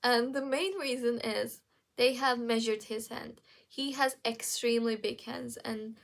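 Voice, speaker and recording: A young woman recaps shows she has watched for her vlog, rambling easily with plenty of fillers and restarts. Her voice sits a little high and carries a gravelly fry. She takes her time, talking at a slow, unhurried pace. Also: steady tone. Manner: chatty, lots of fillers and restarts. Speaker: vlogger.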